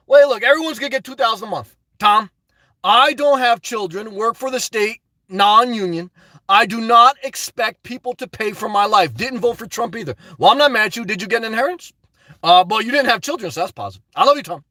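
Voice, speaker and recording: Very high-pitched, bright-voiced man streaming. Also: no room sound. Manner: high-energy, gushing and effusive toward viewers. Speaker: live streamer reading chat and donations. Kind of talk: casual live-stream chat.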